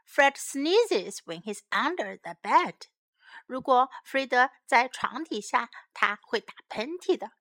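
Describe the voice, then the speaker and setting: Soft-spoken woman reading kids a bedtime story, slow, bright high voice. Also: lively intonation, no room sound, studio quality. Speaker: host of a children's English radio program.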